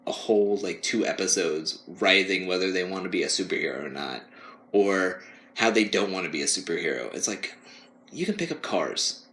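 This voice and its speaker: A man's voice: low voice, fairly bright tone. A young man co-hosting a podcast, rambling casually and laughing often as he mocks whiny voices. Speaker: podcast co-host. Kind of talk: casual chat.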